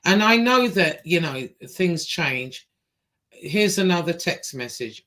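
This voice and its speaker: A woman hosting a livestream, talking in a halting way with many pauses and fillers as she reads messages aloud. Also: on the low side, lively intonation, fairly bright tone. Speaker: show host. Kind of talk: livestream interview.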